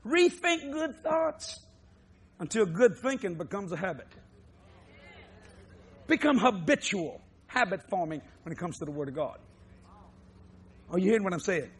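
High-voiced shouting Southern preacher man. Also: big pitch swings, measured pace, long pauses, husky. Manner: shouting, swinging from low to loud preaching. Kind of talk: televised sermon.

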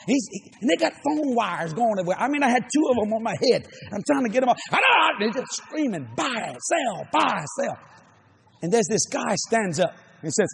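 A middle-aged man preaching a sermon, telling a story with shouts, laughter and acted-out voices. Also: very high-pitched, lively intonation, fairly quick, creaky.

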